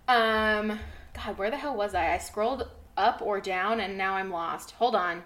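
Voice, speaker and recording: A young woman co-hosting a casual podcast chat, reading an article aloud in a loud, animated way that breaks off into asides. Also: mid-range voice, measured pace. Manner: loud and animated, laughing, trailing off. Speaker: podcast co-host.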